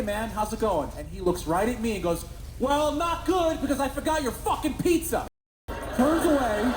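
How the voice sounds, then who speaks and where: A man doing stand-up storytelling, animated and jumping up into high voices for the characters. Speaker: stand-up comedian. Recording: echoey venue with background noise.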